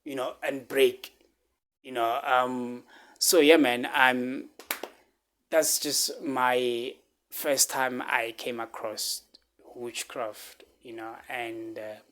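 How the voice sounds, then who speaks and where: A man telling a personal story on his vlog, halting and repeating himself, close to tears. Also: mid-range voice, fairly even intonation, a bit bright. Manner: halting, repeats words, fillers like "man" and "right?". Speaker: vlogger.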